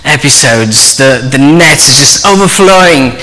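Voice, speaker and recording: A man preaching a sermon, telling a story earnestly and dropping to a soft voice for quoted speech. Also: medium pitch, lively intonation, measured pace. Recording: long hall reverb.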